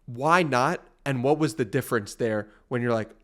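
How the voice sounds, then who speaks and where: A man's voice: medium pitch, normal speed, fairly bright tone. A man with a mid-range voice hosts the interview, asking long earnest questions that run into each other. He speaks plainly and conversationally. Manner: earnest, stacks several questions together. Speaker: podcast host.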